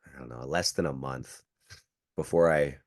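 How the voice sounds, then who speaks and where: Guy in his thirties, low voice, chatty storyteller who leans on "like" and acts out quotes. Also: normal speed, no echo, studio quality. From Canada. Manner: filler-heavy, acts out quotes. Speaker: podcast guest, jiu-jitsu coach. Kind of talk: casual storytelling.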